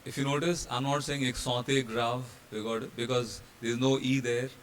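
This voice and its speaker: A man's voice: mid-range voice, fairly even intonation, normal speed, a little hiss or hum. Indian man walking through slides. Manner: explanatory, with fillers and restarts, spelling out letters. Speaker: hotel training instructor. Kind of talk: slide-based pronunciation lesson.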